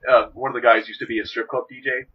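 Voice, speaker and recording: A husky young man trading jokes on a homemade podcast, rambling from one tangent to the next. The sound is dull and lo-fi, like a cheap home mic. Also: mid-range voice, flat delivery, fast talker. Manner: jokey, rambling, puts on silly voices. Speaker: podcast co-host. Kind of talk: casual banter.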